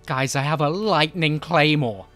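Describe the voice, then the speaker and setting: A man giving joking, excitable commentary while playing a game, often shouting at enemies. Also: on the high side, measured pace, soft background music. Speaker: gaming YouTuber. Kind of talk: comedic let's-play commentary.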